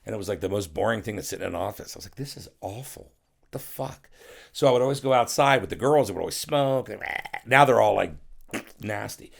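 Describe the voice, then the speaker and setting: A man's voice: lowish voice, expressive, quick pace, vocal fry. A middle-aged man who is a guest on a podcast, telling rambling, profane stories in a casual interview and acting out other people's voices.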